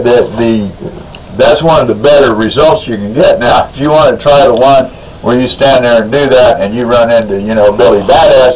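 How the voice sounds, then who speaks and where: A man guesting on a talk radio show, spinning a rambling, folksy yarn and tripping over his own restarts. His voice sits at an ordinary middle pitch. A clear crowd murmur runs under the whole broadcast. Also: low-quality recording. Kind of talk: radio talk, anecdote and legal commentary.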